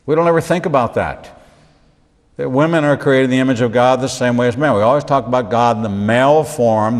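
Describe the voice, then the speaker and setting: A rabbi teaching the Bible in sermon style, with animated delivery, repeated phrases for emphasis and humorous asides. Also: male voice, medium pitch, a little fast, long reverb tail.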